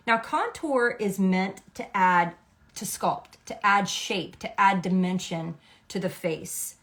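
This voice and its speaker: A woman's voice: medium pitch, slow, fairly bright tone. A middle-aged woman, a makeup artist, explaining a makeup routine step by step in a chatty, instructive way, often checking in with "okay?". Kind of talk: makeup tutorial.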